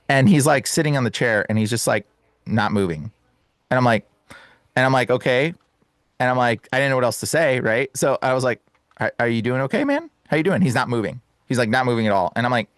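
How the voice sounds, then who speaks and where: A young man, a guest exorcist, telling a story in casual chat, animated and acting out the voices, saying "bro" a lot. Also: mid-range voice, brisk, no room sound. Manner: says "bro" and "like" often.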